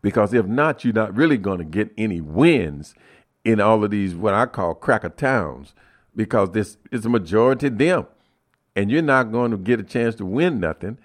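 Man, radio talk host, deep voice, halting, repeats himself, punches key words. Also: lively intonation. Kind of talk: community radio talk, addressing listeners.

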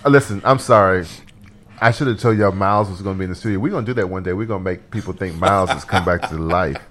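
A man's voice: deep voice, quick pace, a bit bright. A man hosting a jazz radio show from the studio, chatting playfully and laughing a lot. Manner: laughs often, playful and rambling. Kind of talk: casual on-air chat.

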